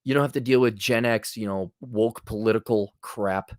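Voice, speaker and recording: A man's voice: lowish voice, fairly even intonation, normal speed, no echo, clean studio sound. A man hosting an advice podcast, talking bluntly and sarcastically in a casual monologue. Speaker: podcast host giving advice.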